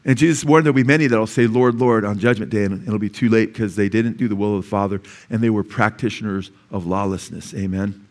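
A male pastor preaching a sermon, animated and conversational, often asking the congregation "amen?" and acting out the lepers' shouts. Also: fairly low pitch, fairly quick. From USA.

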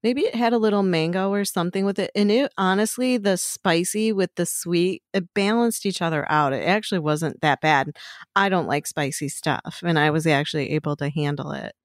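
A woman's voice: on the low side, normal speed, no room sound, clean studio sound. A middle-aged woman co-hosting a podcast in casual chat, chatty and crude, laughing often.

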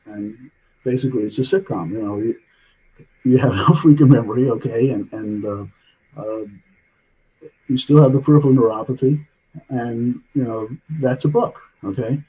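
A man's voice: mid-range voice, moderate pace, warm tone, husky, poor audio. An older man telling a long story as an interview guest, rambling and tagging his sentences with "okay?". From United States.

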